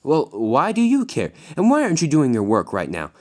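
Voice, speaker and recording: A man puts on a firm, lively voice for a stern middle-aged railway boss. He announces and scolds in a businesslike way, pausing on his words. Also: medium pitch.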